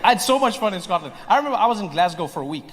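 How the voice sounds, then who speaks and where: Animated male stand-up comic, echoing hall. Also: high-pitched, very fast. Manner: animated storytelling, playful. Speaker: stand-up comedian. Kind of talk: stand-up comedy set. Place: live comedy venue.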